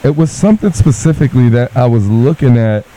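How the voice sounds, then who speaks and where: A man co-hosting a radio show, chatting casually in the studio and reading definitions aloud in a relaxed way. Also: mid-range voice, a little fast, slight background noise, low-quality recording. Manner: reads definitions aloud, laid-back. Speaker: radio co-host.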